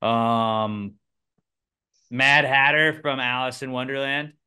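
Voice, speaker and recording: This young man has a bright, forceful voice with a smooth, crisp tone. He hosts a casual podcast, joking in animated bursts and then dropping into muttered asides. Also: mid-range voice, slow. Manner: animated, jokey, swings between loud bursts and mutters. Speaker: podcast host. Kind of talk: casual chat.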